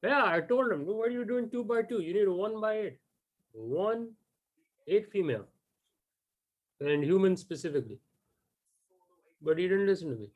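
A man's voice: sits high, normal speed, long pauses. A man playing a laid-back, bro-talking traveler with an Indian English accent in improvised comedy. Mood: storytelling. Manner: easygoing, calls everyone bro, deadpan jokes. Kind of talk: improvised comedy role-play.

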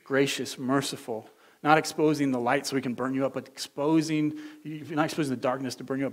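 A man's voice: medium pitch, steady tone, fairly quick. Earnest male pastor preaching. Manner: earnest, conversational preaching with rhetorical questions. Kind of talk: sermon.

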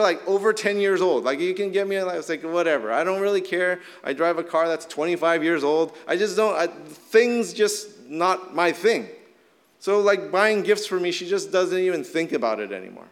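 Middle-aged pastor guy, kinda hoarse, chatty sermon w lots of "like", highish voice. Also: animated, moderate pace. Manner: casual, conversational preaching with many "like" fillers. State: slightly hoarse from shouting. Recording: long hall reverb.

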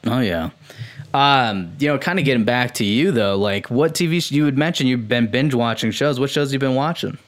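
A man's voice: medium pitch, moderate pace. A man co-hosting a podcast, chatting in an easygoing, enthusiastic way. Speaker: podcast co-host. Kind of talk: casual chat.

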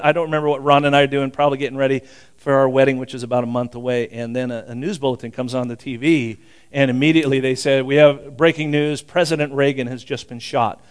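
A man's voice: medium pitch, smooth. A man in his sixties preaching a sermon in a conversational way, with frequent asides and restarts. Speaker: pastor.

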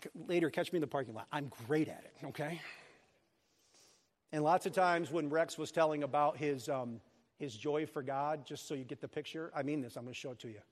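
A man preaching a sermon as pastor of a church, animated and joking with his congregation. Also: fairly high pitch, fairly quick. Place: church sanctuary. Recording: long hall reverb.

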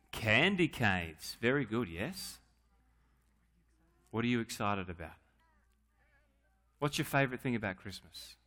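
A man's voice: medium pitch, sharp tone. A man leading a playful, joking children's talk at a church service, coaxing kids to answer.

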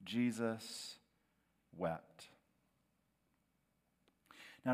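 Middle-aged pastor preaching in an echoing hall. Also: male voice, a little high. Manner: dramatic preaching, dropping to a hushed, slow voice on key words. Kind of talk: sermon. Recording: long hall reverb.

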